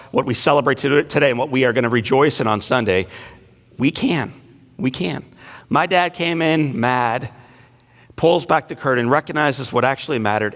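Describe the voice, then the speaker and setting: Male inspirational speaker, middle pitch, storyteller mixing humor and quiet emotion. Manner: storytelling, shifting between playful asides and hushed emotional lines. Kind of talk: inspirational speech to a large audience. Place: large banquet hall.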